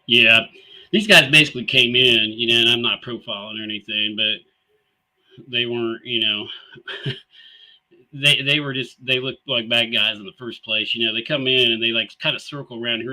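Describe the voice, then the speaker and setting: A man's voice: mid-range voice, fairly even intonation, a little fast, pushed and bright, low-quality recording. A man, hosting a casual live talk show and telling stories in an easygoing, rambling way full of fillers and chuckles. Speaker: show host.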